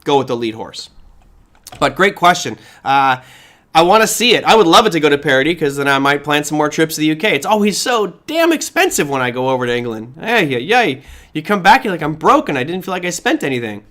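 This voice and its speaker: On a live market-commentary stream, a middle-aged man fields questions from viewers. For a man his voice is fairly high, and his delivery is loose and animated, full of rhetorical questions and quick restarts.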